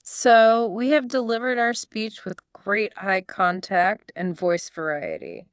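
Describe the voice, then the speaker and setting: Slow, clear-voiced woman asking questions. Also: mid-range voice, expressive, dry recording, clean studio sound. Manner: asks questions, repeats key points back. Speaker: podcast co-host. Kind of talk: scripted teaching dialogue.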